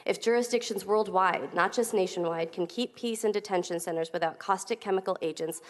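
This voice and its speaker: A woman attorney reading a formal, measured prepared statement at a public meeting. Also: medium pitch, big-room sound.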